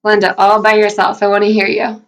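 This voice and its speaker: A woman teacher leads a recorded phonics lesson for first graders. Her voice sits at an ordinary middle pitch. She talks slowly and clearly, stays upbeat and encouraging, and carefully sounds out each letter and syllable. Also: monotone.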